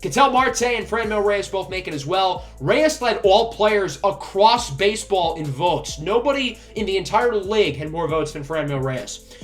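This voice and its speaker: A young man commentating his video game like a sportscaster, getting loud and excited on big plays. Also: a little high. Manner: excitable sportscaster calls, rising on big hits. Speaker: gaming YouTuber.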